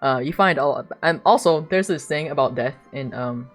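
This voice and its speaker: A woman with a strikingly deep, low voice, talking through a game stream in a loose, rambling way. She is sarcastic and swears freely, with faint game music running behind her. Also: moderate pace. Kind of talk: casual stream commentary and story recap.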